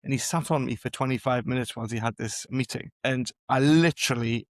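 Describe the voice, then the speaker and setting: A middle-aged Englishman, a former gymnast and coach, tells stories about his sporting past as a guest on a relaxed podcast interview. His medium-pitched voice is fairly quick with hardly any pauses, recorded close and dry with no echo or room sound. He rambles from memory to memory, often restarts sentences, and chuckles through his anecdotes.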